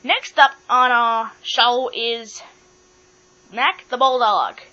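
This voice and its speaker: A woman hosts a playful pretend talk show in a high, bright voice. She speaks in a bossy, matter-of-fact way and moves guests along. The recording is dull and lo-fi with mains hum. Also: takes it slowly. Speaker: host of a toy talk show.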